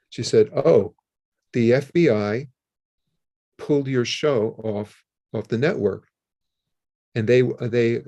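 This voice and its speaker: An older man, a guest in an interview, telling a story in a casual, animated way and acting out the phone calls in it. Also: medium pitch, dull audio. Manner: animated, acts out his own and others' phone calls.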